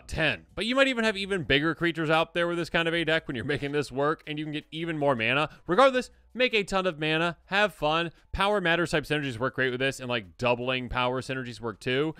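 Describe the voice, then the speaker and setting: A man hosting a casual card game review, animated and jokey, now and then acting out silly voices. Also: a little high, quick pace, few pauses, clear, resonant tone, no echo, studio quality. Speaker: host.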